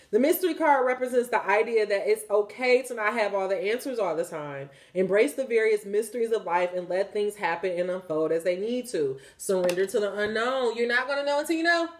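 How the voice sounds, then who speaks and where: Lady doing a tarot reading, fairly high voice, lots of swearing and laughing, super animated. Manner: animated, profane, laughs often. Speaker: tarot reader. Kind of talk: casual spiritual reading monologue.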